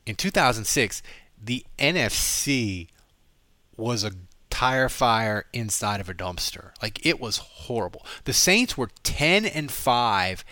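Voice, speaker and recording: A man hosting a sports podcast, giving quick, opinionated analysis in a casual chat. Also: medium pitch, expressive, pushed and bright, dry recording. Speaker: podcast host.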